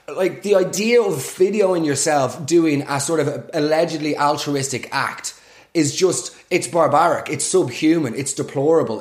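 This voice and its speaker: Sarcastic man ranting. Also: fairly high pitch. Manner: sarcastic, exasperated, swears freely. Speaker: podcast host. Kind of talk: comic rant monologue. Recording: echoey room.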